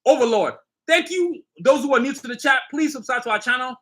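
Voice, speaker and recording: A middle-aged man hosts a casual live stream, showing off his sneakers and hyping them to viewers. His voice sits high and sounds bright. He talks with swagger and loose street slang. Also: brisk. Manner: hyped, boastful street slang, addresses viewers directly. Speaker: sneaker designer and channel host.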